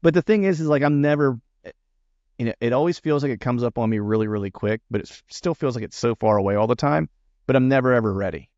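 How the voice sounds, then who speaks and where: A man's voice: mid-range voice, fast talker, darkish tone, dry recording, dull audio. A man hosting a podcast, talking in a rambling, chatty way with lots of restarts and fillers. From Pennsylvania. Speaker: podcast host. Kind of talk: casual interview chat.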